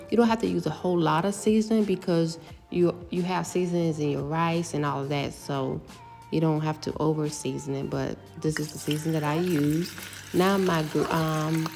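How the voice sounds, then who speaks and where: A middle-aged woman casually talking through her home cooking step by step, relaxed and chatty. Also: low-pitched, creaky. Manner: relaxed, step-by-step explaining with fillers.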